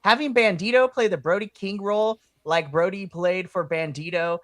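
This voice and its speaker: A woman co-hosting a podcast in casual chat, excitable and quick to laugh and swear. Her voice is bright and forward, and the sound is dry and close. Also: fairly low pitch, no room sound. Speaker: podcast co-host.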